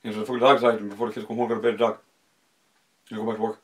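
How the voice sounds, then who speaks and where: A man's voice: sits low, fast, vocal fry, a bit bright, heavily acted. A man voicing a rural man who mumbles and runs his words together. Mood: gabbling. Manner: gabbling, words run together.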